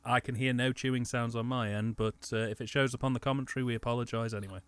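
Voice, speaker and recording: A man's voice: medium pitch, steady tone, fast talker, clear, resonant tone. A man co-hosting a casual film commentary, laughing often and talking with animation. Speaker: commentary co-host.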